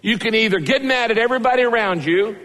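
A male pastor preaching a sermon, telling the story with lively asides and acting out the characters' lines. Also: sits high, quick pace. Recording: long hall reverb.

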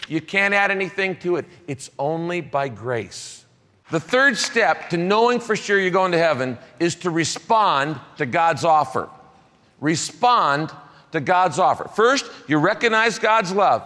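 A male pastor delivering a sermon with a fairly high voice for a man. He is emphatic and repeats key phrases, dropping soft and then rising again. The live recording carries a long reverb from the hall. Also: big pitch swings, unhurried.

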